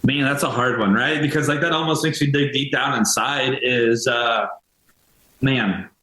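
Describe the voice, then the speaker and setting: A man's voice: mid-range voice, measured pace, pushed and bright. Guest: earnest man in the middle of the male range, loose casual speech full of "like", roomy echo on the voice. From United States. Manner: casual, earnest, many fillers and restarts. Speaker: veteran nonprofit co-founder, guest. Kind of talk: podcast interview.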